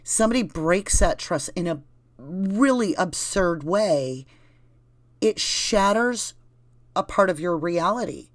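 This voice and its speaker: Reading live chat as the channel host, a Southern US woman rambles conversationally and addresses her livestream viewers directly. Her fairly low voice has lively intonation and a slow pace, recorded at studio quality with no echo.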